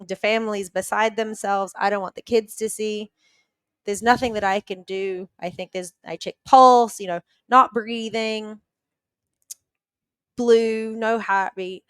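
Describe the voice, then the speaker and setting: A woman's voice: medium pitch, steady tone, measured pace, a bit bright, clear, resonant tone, no echo. A woman guest on a podcast vividly retelling a story, with lots of "like" fillers. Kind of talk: conversational storytelling.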